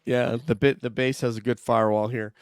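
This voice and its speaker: A man's voice: mid-range voice, little pitch movement, fairly quick, clear, resonant tone, no room sound, studio quality. A man hosting an online true-crime show in casual, loose chat. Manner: loose, chatty, laughs easily. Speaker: host.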